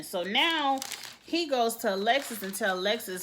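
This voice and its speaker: A woman's voice: a little high, normal speed, slight background noise. Opinionated woman recapping a reality show. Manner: animated, opinionated, mimics people in quotes. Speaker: TV show reviewer.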